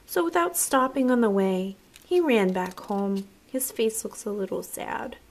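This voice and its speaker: A woman teacher reading a picture book aloud to children, slow and expressive, pausing for little asides to her listeners. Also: mid-range voice, slight background noise.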